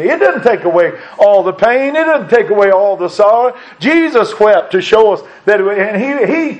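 A man's voice: high voice, muffled recording. A middle-aged man preaching a sermon with fervor, his voice swelling on key lines.

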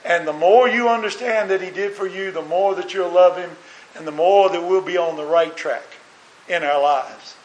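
A man's voice: sits high, moderate pace. A man preaching a sermon as a minister, earnest and full of rhetorical questions. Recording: roomy echo.

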